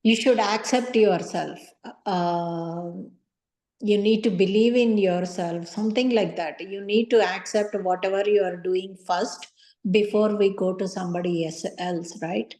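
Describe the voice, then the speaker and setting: A woman's voice: medium pitch, steady tone, a little slow, dark tone. A woman attending a session, asking a question hesitantly and searching for her words. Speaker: session participant. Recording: echoey room sound.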